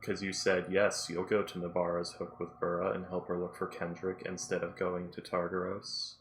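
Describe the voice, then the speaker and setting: A man's voice: low voice, completely flat delivery, moderate pace, slight background noise. A man playing a tabletop game, rambling, laughing often and swearing casually. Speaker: player.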